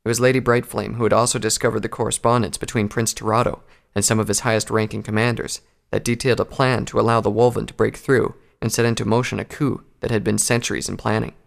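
A man narrating a story aloud in a steady, even storytelling manner. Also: fairly low pitch, gravelly.

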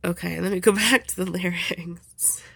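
A woman's voice: lowish voice, fairly even intonation, normal speed, vocal fry, sharp tone, slightly rough, no room sound. A woman doing a casual questionnaire vlog, rambling with lots of ums and giggles, a little sniffly. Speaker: vlogger.

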